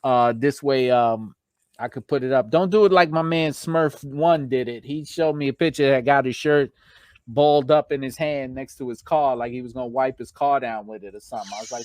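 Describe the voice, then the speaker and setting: A man's voice: medium pitch, a little fast, a little mellow, no echo, clean studio sound. A man with a New York accent hosting a casual live stream, chatting and reading out viewer comments.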